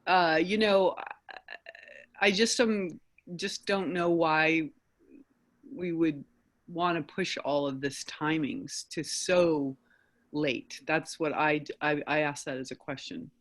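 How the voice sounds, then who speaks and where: Slow, hesitant woman on a video call. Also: sits low, steady tone.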